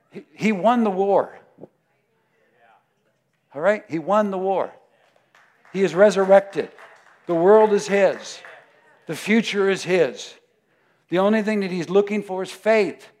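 A male preacher delivering a lively, chatty sermon, laughing as he goes and slipping into other voices. His voice sits fairly high for a man, and he swings from quiet asides to loud, excited bursts. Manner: animated and conversational, often laughing, acting out voices.

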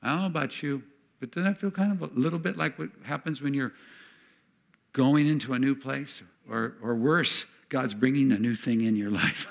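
A pastor delivers an animated sermon, performing the voices of the people he quotes. His voice is mid-range and a bit creaky, moving at a moderate pace.

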